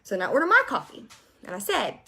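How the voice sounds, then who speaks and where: A young woman telling a story casually to her viewers, animated and exasperated as she vents. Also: fairly high pitch, fast talker, creaky, slightly rough. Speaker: vlogger.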